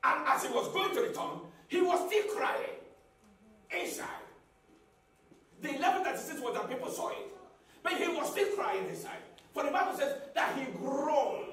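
A man preaching a sermon as a pastor, repeating phrases and building up to shouts. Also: very high-pitched, slight background noise. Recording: echoey hall, mic at a distance.

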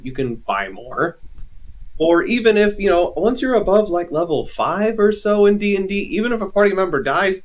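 With a voice on the high side, this man, a game designer being interviewed casually, gives long, earnest explanations peppered with "like" and "you know."

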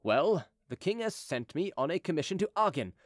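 Guy doing a hot-tempered sarcastic envoy, pitched up, bounces around a lot, storybook reading. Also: sing-song, fairly quick, no echo, clean studio sound. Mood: exasperated. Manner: exasperated, sardonic. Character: cunning middle-aged male royal envoy, quick-tempered.

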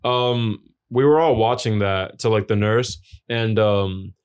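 A man's voice: fairly low pitch, slow, clean tone. Profane, rambling young man. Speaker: podcast co-host. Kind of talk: casual chat.

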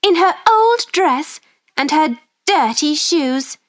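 A woman's voice: sits high, animated, slow pace, pitched above the performer's own voice. A woman voicing a spiteful schoolgirl in a storybook, sneering and mocking.

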